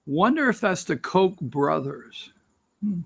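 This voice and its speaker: A man's voice: high-pitched, very animated, takes it slowly, vocal fry, breathy edge. A man hosting an opinion talk show, ranting with sarcastic, rambling asides.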